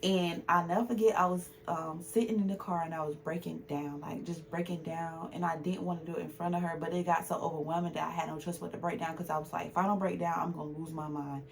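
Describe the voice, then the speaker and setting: Woman podcast host, lowish voice, emphatic and heartfelt, casual chat, faint hiss. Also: fairly even intonation, quick pace, vocal fry, few pauses. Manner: emphatic, heartfelt, speaks in a dialect.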